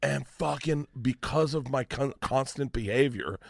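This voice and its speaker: A man in his forties telling stories on a podcast, animated and profane, laughing as he talks. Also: medium pitch, a little slow, gravelly, no echo, studio quality. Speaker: guest storyteller. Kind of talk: casual podcast storytelling.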